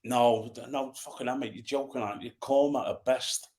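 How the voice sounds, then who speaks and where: A man's voice: mid-range voice, fairly even intonation, fairly quick, a little mellow. An English man, a former footballer, chatting on a podcast with blunt, dry humour. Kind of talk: casual chat.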